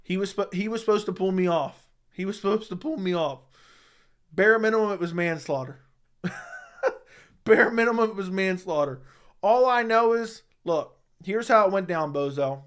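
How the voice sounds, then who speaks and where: A young man with a high voice hosts a casual livestream at normal speed, firing back at chat with crude, mocking trash talk and laughing often.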